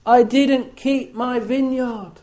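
A man reading scripture aloud and preaching on it in a solemn, deliberate way, repeating words for emphasis. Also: very high-pitched, fairly even intonation, dark tone. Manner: slow, solemn, repetitive emphasis.

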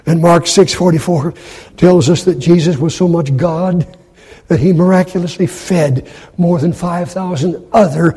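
A man preaching a sermon in a dramatic way, acting out quoted speech in loud, high bursts. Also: measured pace, husky. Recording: long hall reverb.

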